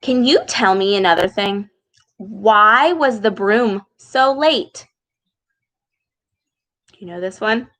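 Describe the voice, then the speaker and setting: A young woman leading a speech lesson for children, animated and exaggerated, with frequent gasps and slow, deliberate words. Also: medium pitch, poor audio. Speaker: speech therapist reading with children.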